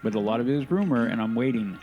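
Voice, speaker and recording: A man's voice: medium pitch, lively intonation, quick pace, lo-fi sound, faint music behind. A man co-hosting a podcast in casual chat, emphatic, repeating himself for stress. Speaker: podcast co-host.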